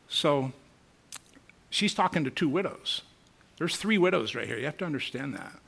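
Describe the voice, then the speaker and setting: A man's voice: a little high, animated, normal speed, creaky, pauses often, a bit bright, husky. A man teaching a Bible lesson, earnest and musing, reading scripture aloud and reflecting on it. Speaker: preacher.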